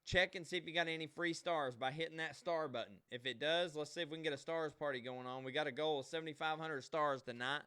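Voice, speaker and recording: A man's voice: a little high, steady tone, fast talker, hardly any pauses, sharp tone, clear, resonant tone. A man hosting a live online show alone, chatting casually and folksily straight to his viewers. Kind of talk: casual livestream chat.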